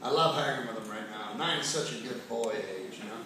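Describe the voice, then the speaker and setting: A man's voice: mid-range voice, fairly quick. A man doing a stand-up routine in a large casino showroom, with wry, self-mocking storytelling. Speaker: stand-up comedian. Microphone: handheld stage mic, recorded by a phone in the audience. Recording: echoey noisy far-off audience recording.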